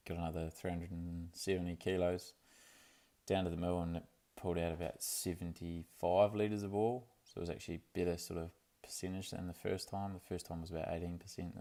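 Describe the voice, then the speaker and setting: Low gravelly man. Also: level tone, fairly quick, warm tone. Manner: laid-back and rambling, with many fillers and restarts. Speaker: vlogger. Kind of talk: casual video diary.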